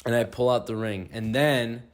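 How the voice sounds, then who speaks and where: A man's voice: medium pitch, fairly even intonation, normal speed. A young man in casual chat, animatedly telling a story and acting out quotes.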